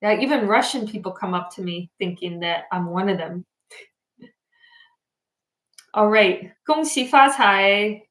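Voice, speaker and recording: A woman's voice: medium pitch, expressive, normal speed, fairly bright tone, roomy sound. A tired woman hosting a casual livestream, chatting and reading out viewer comments. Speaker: livestream host. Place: home in Japan.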